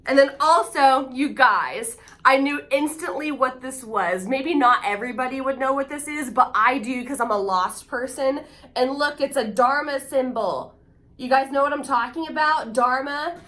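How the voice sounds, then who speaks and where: A woman vlogging casually as she unboxes gifts, excitable and gushing. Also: high voice, moderate pace. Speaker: AuthorTube vlogger.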